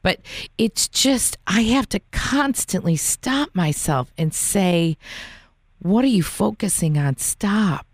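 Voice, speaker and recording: A woman's voice: medium pitch, expressive, slow pace, dry recording, studio quality. A woman host speaking reflectively in a rambling way. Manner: rambling and reflective, restarts often. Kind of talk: reflective conversation.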